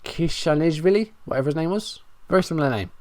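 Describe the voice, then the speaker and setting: A man's voice: fairly high pitch, lively intonation, fast talker, a little mellow, no room sound. A man giving running play-by-play commentary on a football management game, frustrated and self-mocking. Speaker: gaming YouTuber.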